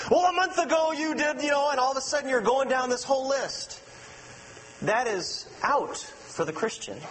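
A man preaching a sermon as pastor, telling personal stories with animation and dropping to a soft, low voice for emphasis. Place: church sanctuary. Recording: long hall reverb with faint mains hum.

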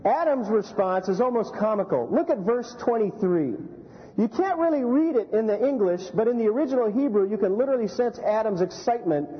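A high-pitched male pastor preaching in a church, lively and animated, telling anecdotes and asking the room questions. The sound is muffled and carries a long echo from the sanctuary. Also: a little fast. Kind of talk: sermon.

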